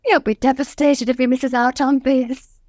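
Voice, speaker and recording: A woman playing a fretful, scheming middle-aged wife in a radio sitcom, excitable and fussy. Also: sits high, normal speed, dry recording, studio quality, natural voice. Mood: fussing.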